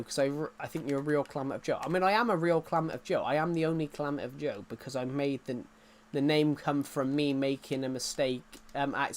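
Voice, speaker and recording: A man chatting casually to viewers during a gaming live stream, rambling and joking as he plays. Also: fairly high pitch.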